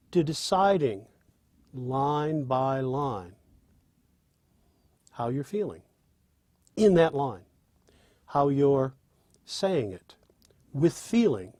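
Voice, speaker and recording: Man, fairly high-pitched, dry close sound; animated teacher of songwriting who speaks and sings example lines. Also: no room sound. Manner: demonstrates by speaking and singing lines; animated, with restarts. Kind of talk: spoken lesson with sung examples.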